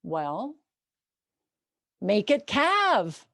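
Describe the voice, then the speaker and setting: A woman's voice: on the low side, sing-song, extremely slow, darkish tone, slightly rough, no room sound, clean studio sound, heavily acted. A woman voicing an impatient male tourist who cajoles and pushes. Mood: pushy. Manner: pushy, cajoling.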